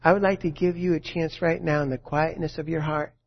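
Guy preaching a sermon, gentle and hushed, slightly high voice, muffled old recording. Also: steady tone, fairly quick. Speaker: pastor. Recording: dull lo-fi sound.

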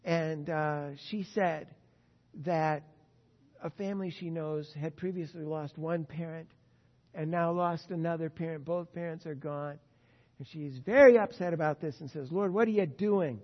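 A man preaching a sermon as pastor, earnest and emphatic, his loudness rising and falling. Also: on the high side, measured pace, long reverb tail, highs cut off.

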